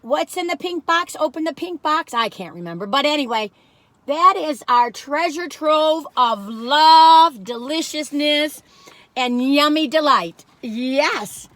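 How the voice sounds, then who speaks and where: Brief: high-voiced woman hosting a homey cookie-tasting vlog, folksy, laughs a lot. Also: lively intonation, slow pace, fairly bright tone, no echo. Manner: folksy and giggly, breaks into little jingles. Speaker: vlogger reviewing cookies.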